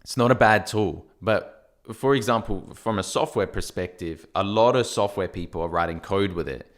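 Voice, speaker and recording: A man with an Australian accent, co-hosting a podcast in casual, animated chat and laughing often. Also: fairly low pitch, normal speed. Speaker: podcast co-host, software company founder.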